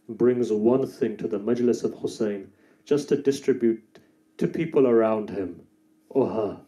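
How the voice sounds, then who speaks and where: A man's voice: mid-range voice, moderate pace, mellow. Man preaching in an echoey mosque. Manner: storytelling, rising to fervent emphasis. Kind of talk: sermon.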